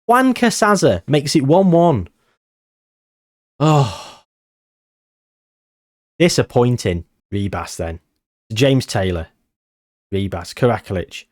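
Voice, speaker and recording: Excitable man with lively pitch. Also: takes it slowly, pauses often. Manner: excitable, nervous, reacting loudly to match moments. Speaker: gaming channel host. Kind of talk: live gameplay commentary.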